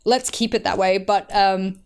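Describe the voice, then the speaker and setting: A woman with a toned-down Australian accent chats as a guest on a casual podcast. She talks in a frank, animated, chatty way and swears freely. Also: mid-range voice, measured pace, clean tone. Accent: softened Australian. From North Queensland, Australia. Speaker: esports analyst guest.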